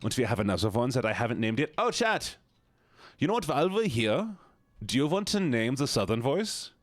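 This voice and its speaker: A man's voice: medium pitch, big pitch swings, fairly quick, dry recording, studio quality. A man chatting casually with his live-stream viewers, playful and jokey, slipping in and out of put-on accents and silly voices. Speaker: livestreamer.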